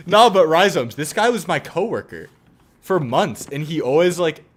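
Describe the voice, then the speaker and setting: A man's voice: a little high, lively intonation, unhurried, husky. A young adult man streaming, chatting casually in a rambling way, full of fillers and swearing and often laughing. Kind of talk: casual chat.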